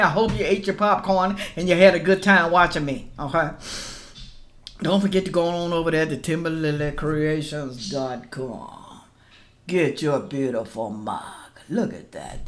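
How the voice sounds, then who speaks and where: A middle-aged woman, chatting casually to viewers as a reaction vlogger and calling them y'all. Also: medium pitch. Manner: animated, addresses viewers as y'all.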